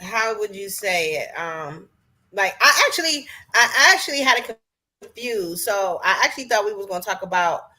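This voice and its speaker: Bright-voiced woman chatting earnestly. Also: medium pitch, expressive, normal speed. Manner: earnest, rambling, with many fillers. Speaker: podcast guest. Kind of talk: casual podcast chat.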